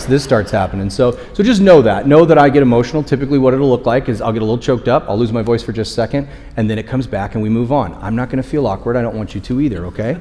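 A man's voice: mid-range voice, darkish tone. A man preaching a sermon as pastor, candid and conversational, often checking in with the congregation. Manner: candid, conversational, frequent "okay?" check-ins. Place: church auditorium. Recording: long hall reverb.

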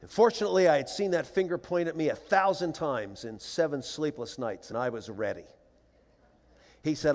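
An older man giving a humorous storytelling talk to an audience, playful and animated, acting out the voices of the people in his stories. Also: on the high side, fairly quick. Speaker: speaker. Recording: long hall reverb.

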